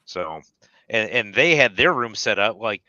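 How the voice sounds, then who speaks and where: Male co-host, bright and crisp voice, wry and foul-mouthed storyteller, lo-fi sound. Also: lowish voice, expressive, a little slow, no echo. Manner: profane, wry, tells stories in detail. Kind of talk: casual storytelling chat.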